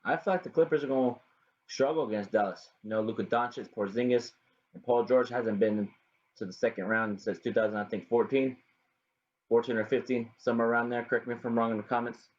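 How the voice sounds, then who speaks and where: A young man with a medium-pitched, fairly even voice rambles casually on his own sports podcast, speaking fairly quickly. He keeps saying "you know what I mean" and greets viewers by name. The home recording sounds dull and lo-fi.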